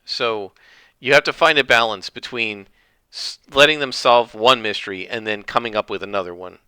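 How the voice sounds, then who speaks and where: Opinionated male podcast host, bright cutting tone, dry sound. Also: lowish voice, moderate pace, smooth, no echo. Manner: rambling, opinionated. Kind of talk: casual solo commentary.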